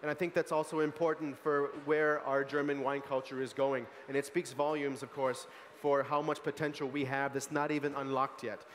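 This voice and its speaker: An American man, a young adult sommelier, giving an animated, chatty wine tasting talk full of asides and fillers at a food market event. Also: mid-range voice, normal speed, hardly any pauses, long reverb tail. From United States. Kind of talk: lively tasting presentation.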